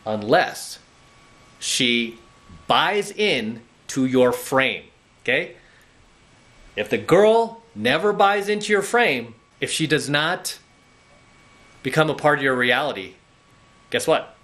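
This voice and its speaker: A man's voice: medium pitch, animated, takes it slowly, pauses often, a bit bright. A man speaking as a dating coach in a direct-to-camera monologue, lecturing bluntly and often checking in with "okay?" and "right?".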